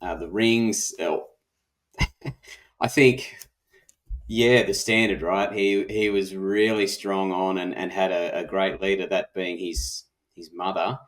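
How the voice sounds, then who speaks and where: An Australian man co-hosting a podcast, chatting casually and haltingly, with restarts and soft laughs. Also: sits low, fairly even intonation, low-quality recording. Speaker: podcast co-host. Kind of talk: casual chat.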